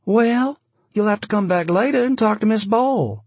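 A man's voice: high-pitched, moderate pace, breathy edge, dry recording, voice pushed up. A man voicing a testy young woman who is curt and dismissive, in an audiobook. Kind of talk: audiobook narration.

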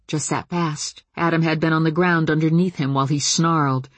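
A woman reads a novel aloud in the first person, steady and measured. Her tone is husky rather than clear, and the recording is dry and close, with no room sound. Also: deep voice, no room sound. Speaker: audiobook narrator. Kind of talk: first-person scripted narration.

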